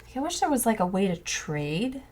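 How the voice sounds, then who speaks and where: A woman's voice: medium pitch, very animated, brisk, a little mellow, a little hiss or hum. A woman in casual chat at a home game table, chatty and thinking aloud as she plays. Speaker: board game player. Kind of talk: casual chat while playing. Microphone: condenser mic.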